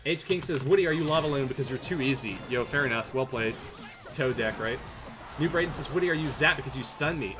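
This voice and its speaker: A man's voice: mid-range voice, a little fast, over music. A man, livestreaming a tournament, reading viewer jokes aloud and casting matches in a playful, self-mocking way. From Canada. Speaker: tournament streamer and caster. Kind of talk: casual livestream chat and game commentary.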